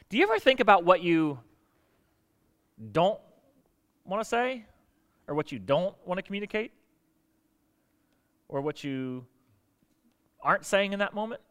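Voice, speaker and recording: A man's voice: on the high side, a bit bright, big-room sound. A middle-aged man preaching a sermon in a conversational way, asking the congregation questions and acting out the lines of people he quotes. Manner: conversational, asks the audience questions, acts out quoted voices. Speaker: pastor.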